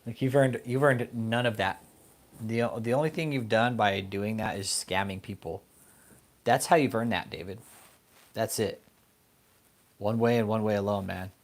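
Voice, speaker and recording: A man's voice: fairly low pitch, steady tone, moderate pace, pauses often. A man hosting an online commentary show, ranting angrily and profanely at a preacher, mocking him with insults. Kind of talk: casual profane rant.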